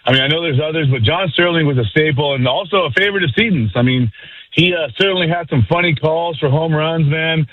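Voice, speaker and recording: Hyped high-voiced man on a phone line. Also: fast, no room sound. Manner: upbeat, slangy, hyped. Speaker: caller. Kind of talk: casual call-in chat.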